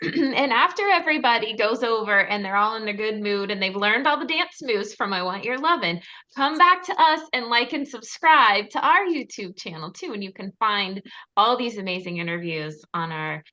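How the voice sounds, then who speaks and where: Bright-voiced woman co-host. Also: a little high, lively intonation, moderate pace, rough recording. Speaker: interview co-host. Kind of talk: casual interview chat, show outro.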